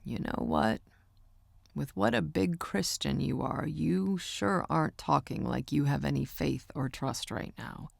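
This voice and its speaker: Low-voiced, soft-spoken uncle for an audiobook, a woman reading him, gravelly and dry. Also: lively intonation, a little slow, no echo, full character voice. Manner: low, hushed and comforting. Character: gruff gentle uncle, older man, soft-spoken. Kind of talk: audiobook character voice.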